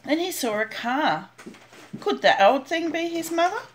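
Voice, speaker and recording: An older woman, a grandmother, gently reading a children's picture book aloud with an expressive manner. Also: high voice, measured pace, slight background noise. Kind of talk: storybook read-aloud.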